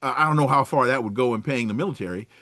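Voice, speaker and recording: A man talking politics as a guest, animated and sardonic, often tripping over his words. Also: mid-range voice, racing, dry recording, clean studio sound. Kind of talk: casual political talk.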